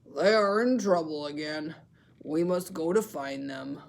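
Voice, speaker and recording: An old steady grandfather walrus, put on by a woman reading aloud talks slowly and firmly. The voice dips a little lower than her usual one. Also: creaky.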